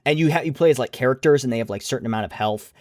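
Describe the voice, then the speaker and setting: A man hosting a podcast, chatting casually in an excitable, rambling way. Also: medium pitch, rapid-fire, no echo, clean studio sound.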